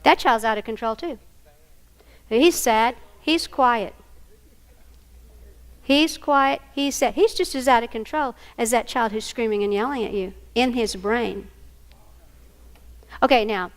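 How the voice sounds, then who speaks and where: A woman's voice: a little high, unhurried, long pauses. An older woman, a grandmother, presenting a live training workshop and quizzing her audience. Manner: animated, asks the audience questions.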